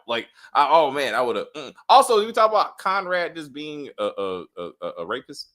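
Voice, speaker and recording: A man hosting a casual show-review chat, animated and profane, often acting out the characters' lines. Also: fairly high pitch, moderate pace, hardly any pauses. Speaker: show review podcast host.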